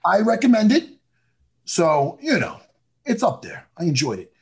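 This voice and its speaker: A man talks in a gravelly, husky voice that swings up and down with lively pitch. He chats casually and animatedly, swearing freely and breaking into impressions. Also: normal speed. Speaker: podcast co-host. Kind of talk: casual chat.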